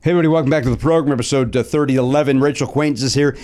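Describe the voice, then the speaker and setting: A man's voice: mid-range voice, racing, a little mellow. A man hosting a podcast, chatting casually and joking, rambling and swearing. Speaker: podcast host. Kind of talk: casual chat.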